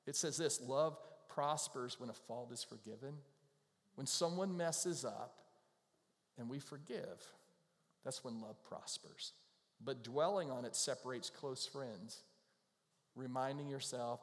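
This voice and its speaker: A man preaching a sermon as a pastor, animated and acting out quotes with little laughs. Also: mid-range voice, big-room sound. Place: church.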